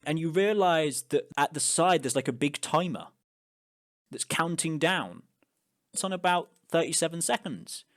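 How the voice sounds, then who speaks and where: A man's voice: a little high, expressive, normal speed. A man narrating a tabletop game as game master, casual and loose, with filler words.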